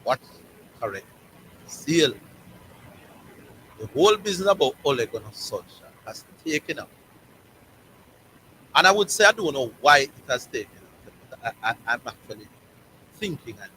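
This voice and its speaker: Jamaican man, sports talk host, bright forceful tone, hammers his points home with repetition. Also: medium pitch, sing-song, moderate pace, long pauses, a little hiss or hum, low-quality recording. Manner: emphatic, repeats words and phrases for stress.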